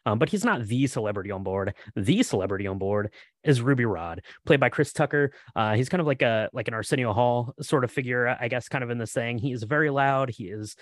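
A man's voice: mid-range voice, lively intonation, brisk, no echo. Man, podcast co-host, casual rambling movie talk, dry close sound. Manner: rambling, many "like" fillers.

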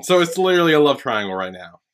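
A man's voice: a little high, very animated, fast, a bit bright. A man hosting a podcast, recapping plot in casual chat with many fillers and acted-out quotes. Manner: hesitant plot recap, lots of fillers, acts out lines. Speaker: podcast host.

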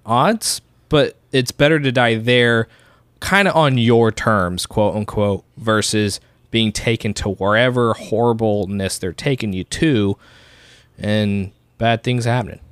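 A man's voice: lowish voice, a little slow, clean tone, dry recording. A young man co-hosting a casual podcast, rambling with lots of fillers and acting out quotes. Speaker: podcast co-host.

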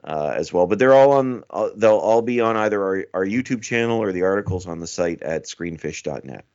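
A man's voice: low voice, expressive, a little fast, darkish tone, highs cut off. A man with a Canadian accent, a guest on a podcast who chats in a friendly, rambling way. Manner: friendly, rambling, laughs easily. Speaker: podcast guest, film critic. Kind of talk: casual podcast chat.

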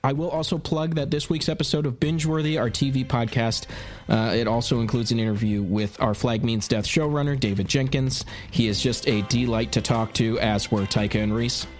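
A man's voice: medium pitch, fairly quick, faint music behind. A man hosting an interview podcast, reading an upbeat scripted intro and then asking questions. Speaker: podcast host.

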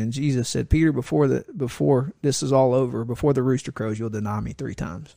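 A middle-aged man, a pastor, telling a story in casual conversation and acting out the voices he quotes with lively energy. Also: mid-range voice, quick pace, vocal fry, few pauses, no echo.

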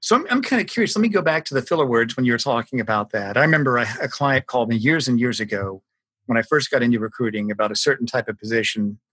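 A man's voice: mid-range voice, lively intonation, quick pace, fairly bright tone, breathy edge, dry recording. A man hosting an interview, asking questions in a curious, conversational way. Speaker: podcast host, recruiter.

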